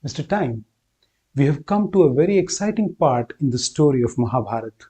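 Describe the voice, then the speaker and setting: A man's voice: medium pitch, animated, a little fast, dark tone, breathy edge. A man hosting a storytelling channel and narrating an epic tale in a friendly scripted way. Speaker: storyteller host.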